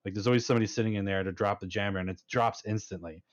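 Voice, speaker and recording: An emphatic man talking through a dull, lo-fi line. He has a lowish voice and keeps tagging his points with "right?" in a casual panel chat. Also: steady tone, very fast. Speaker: panel guest, fleet commander.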